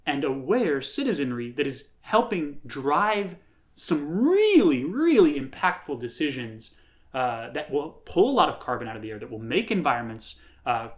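A man from upstate New York co-hosting a podcast in casual, emphatic conversation, with many fillers. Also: fairly high pitch. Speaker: podcast co-host.

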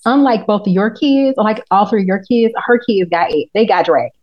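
A woman's voice: medium pitch, brisk, dull audio. A woman co-hosting a casual chat, recapping a TV episode and acting out characters in quoted lines, swearing freely. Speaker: podcast co-host recapping a TV episode.

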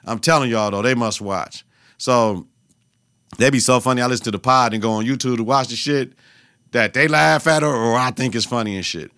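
A young adult man hosting his own podcast, talking in a loose, profane, animated way and breaking into laughter as he tells stories. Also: mid-range voice, fairly quick, no room sound, studio quality. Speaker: podcast host. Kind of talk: casual solo podcast rant.

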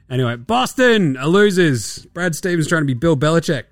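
A man with an Australian accent hosting a casual basketball podcast, sarcastic and profane, often mimicking players in quick asides. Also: on the high side, sing-song, dry recording, clean studio sound. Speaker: podcast host.

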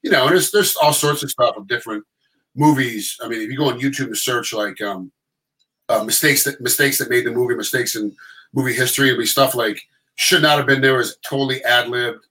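A middle-aged man telling stories in casual chat, animated and acting out quotes in other voices. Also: mid-range voice, brisk, low-quality recording.

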